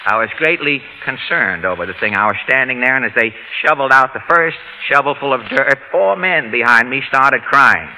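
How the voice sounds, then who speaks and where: A man hosting a live radio variety show, telling jokes in a dry, deadpan way. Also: medium pitch, moderate pace, few pauses. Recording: hissy 1930s radio broadcast.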